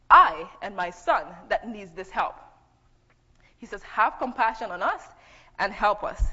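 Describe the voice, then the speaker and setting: A woman's voice: on the high side, bright, forceful tone. A woman preaching a sermon, teaching conversationally and reading scripture aloud. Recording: dull echoey hall.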